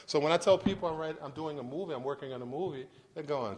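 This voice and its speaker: A man's voice: fairly high pitch, expressive, fast. A middle-aged man giving an informal university lecture to an audience, talking conversationally with frequent restarts and checks for understanding. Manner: conversational, repeats and restarts, asks "does that make sense". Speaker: guest lecturer.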